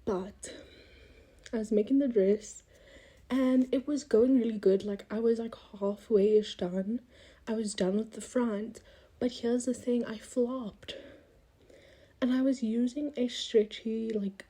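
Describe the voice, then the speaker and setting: This twenty-something podcast host talks casually from a room with windows in her home, holding her phone as she rambles, laughs a lot, and whispers asides. Her pitch is a little high, her tone mellow and slightly rough.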